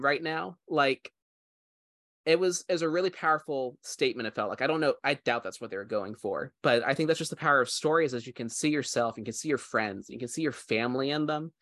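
A man co-hosts a podcast in a dry, clean studio recording, his medium-pitched voice bright and forceful. He chats casually, rambling in a heartfelt way with plenty of fillers.

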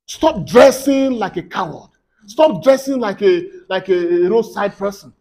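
A man preaching a sermon, fervent, moving between quiet teaching and loud prayer declarations. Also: high-pitched, animated, a little slow.

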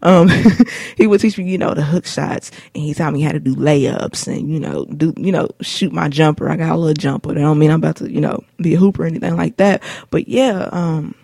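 A woman in her late twenties talks through personal memories on her own show, loose and slangy, full of fillers. Her voice is dark and mellow with a gravelly edge. The sound is close and dry. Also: low voice, fairly quick, no echo. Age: late 20s. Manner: laid-back, rambling, slangy, many fillers. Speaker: show host. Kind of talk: casual personal storytelling. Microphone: studio mic.

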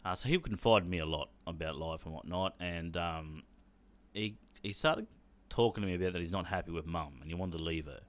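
A man's voice: sits low, brisk, fairly bright tone. An Australian man hosting a podcast, telling a personal story in a blunt, rambling way with plenty of swearing. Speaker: podcast host.

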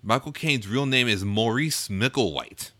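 Bright, jokey man chatting about movies. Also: mid-range voice, normal speed, dry recording. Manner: jokey and enthusiastic, laughs between remarks. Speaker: podcast co-host. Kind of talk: casual movie-review chat.

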